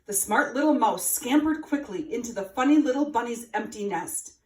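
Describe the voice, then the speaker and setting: Woman, children's story read-aloud, sing-song and expressive, roomy, far from the mic. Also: on the high side, normal speed. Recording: roomy, from afar.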